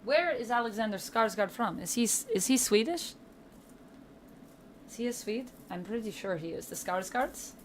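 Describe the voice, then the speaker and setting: A woman's voice: on the high side, animated, moderate pace, a little hiss or hum. A woman streamer chatting casually on a livestream, thinking aloud and asking herself questions as she goes.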